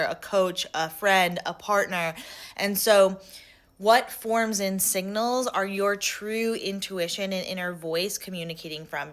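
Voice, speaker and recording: Bright-voiced earnest woman coach. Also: on the low side. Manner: earnest, questioning, repeats phrases for emphasis. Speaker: spiritual coach. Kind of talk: reflective guided talk.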